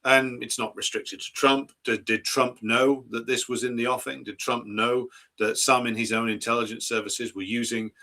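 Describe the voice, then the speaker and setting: A man's voice: medium pitch, little pitch movement, moderate pace, few pauses, bright, forceful tone. A man hosting a political commentary stream, arguing his case and posing rhetorical questions. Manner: argumentative, asks rhetorical questions.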